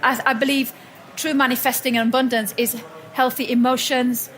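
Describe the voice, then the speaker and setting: A woman's voice: sits high, little pitch movement, normal speed, faint music behind. A woman giving a motivational talk at a live event, telling stories and often restarting her sentences. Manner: warm storytelling, frequent restarts and self-corrections. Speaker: speaker at a personal growth expo. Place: event hall with audience.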